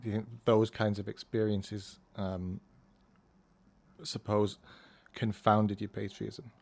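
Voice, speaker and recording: A man's voice: fairly low pitch, little pitch movement, slow, creaky. A man hosting an interview, asking questions in a hesitant way and repeating words as he goes. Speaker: podcast host. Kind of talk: casual interview chat.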